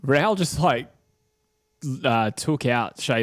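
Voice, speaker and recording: A man co-hosting a live football chat, friendly and quick to laugh. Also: mid-range voice, darkish tone, no room sound, clean studio sound. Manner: friendly, laughs often, reads viewer comments. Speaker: co-host of a football watchalong show.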